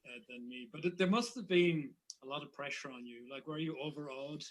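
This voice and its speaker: A man's voice: fairly high pitch, fairly quick. A man, an author of children's books, chatting casually and loosely with many fillers. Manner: relaxed, rambling, with many fillers. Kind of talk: casual chat.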